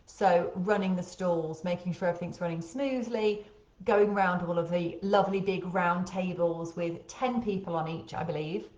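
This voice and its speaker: A woman's voice: lowish voice, steady tone, normal speed, a little mellow. Chatty woman with a faint Birmingham lilt. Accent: light Birmingham. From Birmingham, England. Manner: chatty, many ums. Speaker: host. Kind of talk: casual live webinar. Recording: echoey room.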